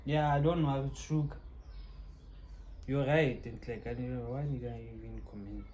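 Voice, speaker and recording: A man's voice: medium pitch, steady tone, normal speed, darkish tone, muffled recording, a little hiss or hum. A South African man co-hosting a couple's vlog, teasing his partner and laughing often in playful casual chat. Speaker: co-host of a couple channel.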